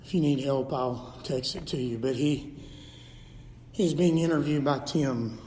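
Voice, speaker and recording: A man's voice: mid-range voice, unhurried, dark tone, slight background noise. A man preaching a sermon in a church sanctuary, fervent and emphatic, driving points home by repetition. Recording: long reverb of a large hall.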